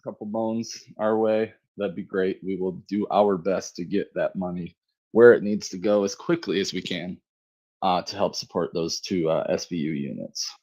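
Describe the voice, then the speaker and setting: A man talking casually as co-host of a live audio chat, making a relaxed, rambling pitch for a fundraiser. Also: normal speed. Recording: dull, lo-fi online audio.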